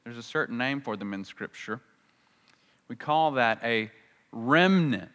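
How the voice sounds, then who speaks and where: A man preaching a sermon, telling a story with energy and acting out the lines he quotes, with rises and drops in pitch and loudness. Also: unhurried, in a large hall. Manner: animated storytelling, acts out quotes with big jumps in pitch and volume. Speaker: pastor.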